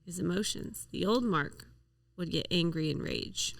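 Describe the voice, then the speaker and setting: Gravelly-voiced woman co-host, dry sound. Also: fairly low pitch, unhurried, dry recording, recorded from a distance. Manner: frank, chatty explanations. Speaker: podcast co-host. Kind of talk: casual chat.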